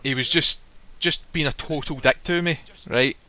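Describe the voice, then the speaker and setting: Storytelling man, bright forceful tone, blunt and profane. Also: on the high side, normal speed. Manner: blunt, swears freely, acts out quoted lines. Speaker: guest telling a personal story. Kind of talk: casual storytelling. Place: live stream recording.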